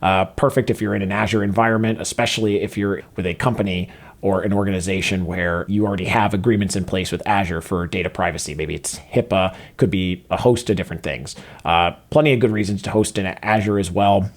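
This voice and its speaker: A man with a fairly low-pitched voice narrates a screen-recorded coding walkthrough. He talks casually and steps through each line of code as he types it, often pausing on a filler uh. His delivery is relaxed and instructional. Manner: relaxed step-by-step narration of typed code, with frequent filler uhs. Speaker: software developer teaching a coding tutorial.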